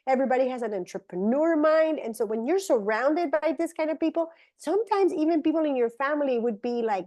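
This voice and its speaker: Eager woman pitching a business. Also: lively intonation, normal speed, warm tone. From Colombia. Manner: enthusiastic, persuasive, conversational. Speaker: network marketing presenter. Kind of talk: business opportunity presentation.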